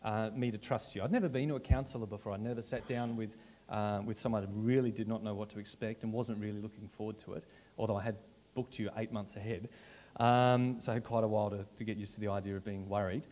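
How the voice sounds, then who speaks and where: A man's voice: fairly low pitch, fairly even intonation, fast, darkish tone, slight background noise. A man pastoring a church, introducing a guest and then interviewing him on stage in a jokey, self-interrupting way. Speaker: pastor hosting a church service. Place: church auditorium.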